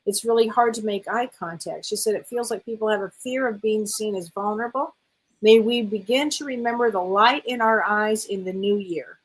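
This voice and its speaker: A woman hosting a relaxed conversation, with a husky, slightly breathy voice. She sits at a mid pitch, reads comments aloud and backs up her co-host with steady agreement. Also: moderate pace, rough recording. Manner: reads a viewer's comment aloud, affirming listener. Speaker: spiritual medium and host. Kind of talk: casual conversational chat.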